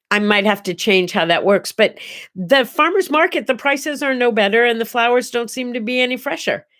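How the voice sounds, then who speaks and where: Chatty middle-aged woman rambling through her morning show, mid pitch, lots of little asides. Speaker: host. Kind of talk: casual solo talk show.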